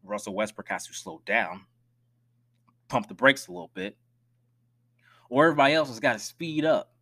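A man hosting a solo sports podcast, talking emphatically and swinging between loud outbursts and hushed asides. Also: mid-range voice, expressive, normal speed, vocal fry. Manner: direct, addresses listeners as y'all. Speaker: podcast host.

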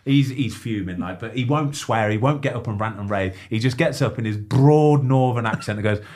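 A man co-hosting a podcast who tells animated anecdotes and laughs often. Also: mid-range voice, normal speed. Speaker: podcast co-host. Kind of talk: casual podcast chat.

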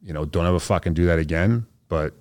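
A man's voice: low-pitched, quick pace, a little mellow, dry recording, studio quality. A man, a soldier guest on a podcast, telling a story in a laid-back, slangy way and acting out what others said. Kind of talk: casual storytelling interview.

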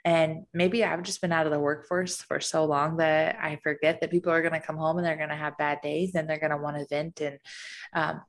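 A woman with a lilt talks candidly on a casual podcast, her voice sitting a little low. She tells stories with animated energy and quick asides. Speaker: podcast co-host, military spouse. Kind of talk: casual chat.

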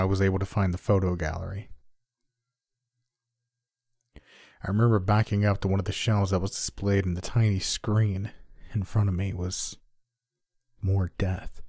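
A man with a low, deep voice narrates a scripted horror story. His delivery is measured and deliberate. The recording is dry and close, with no room sound. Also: little pitch movement, darkish tone, dry recording.

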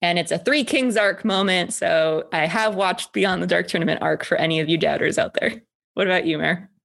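A woman's voice: lowish voice, a little fast, gravelly, fairly bright tone. A woman co-hosting a casual anime discussion, talking with playful, teasing asides. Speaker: co-host.

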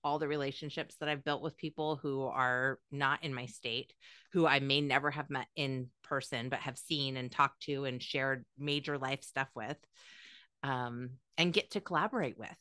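A woman's voice: extremely low pitch, fairly even intonation, normal speed, bright, forceful tone, clean tone, no room sound, studio quality. A woman hosting a podcast, chatting casually in a rambling way and laughing often. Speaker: podcast host. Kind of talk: casual chat.

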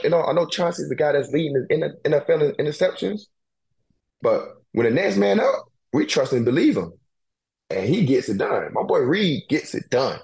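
A man hosting a casual chat, talking in a slangy, profane, animated way, repeating phrases for emphasis and laughing often. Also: mid-range voice. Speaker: podcast host and pro football player.

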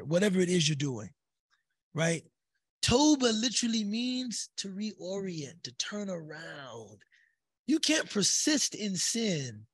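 A man's voice: sits high, a bit bright, slightly rough, no room sound. A man teaching a spiritual text in a conversational way, with many fillers and tag questions. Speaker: religious teacher.

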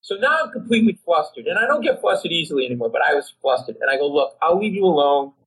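A middle-aged comedian telling a comic anecdote on a talk show, animated, acting out voices and his own panic. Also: fairly high pitch, fast, slightly rough, low-quality recording. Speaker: comedian guest.

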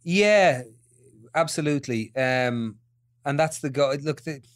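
A man's voice: a little high, lively intonation, slow pace. A man with an Irish accent, a guest actor thinking aloud in a casual podcast interview. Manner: reflective, searching for words.

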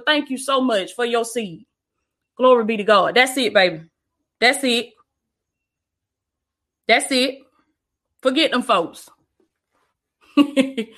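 High, bright-voiced woman preaching. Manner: emphatic, repetitive, calls listeners "baby". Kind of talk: livestream sermon with viewer shout-outs.

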